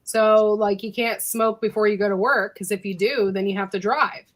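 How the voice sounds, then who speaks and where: A woman from the United States in a casual group chat, talking in an animated way and laughing often. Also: medium pitch, normal speed.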